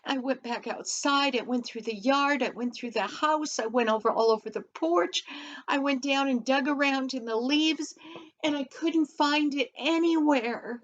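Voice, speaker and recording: A woman voicing a poor, kind little old lady who is deeply thankful, in a high, tearful, gushing voice. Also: normal speed, natural voice. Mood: earnest. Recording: dull lo-fi recording.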